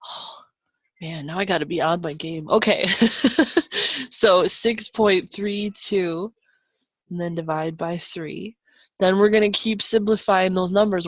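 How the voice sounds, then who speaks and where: A woman's voice: mid-range voice, no echo. A young adult woman teacher giving a live online math lesson over a video call, upbeat and encouraging, with chatty asides to her students. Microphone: video call microphone.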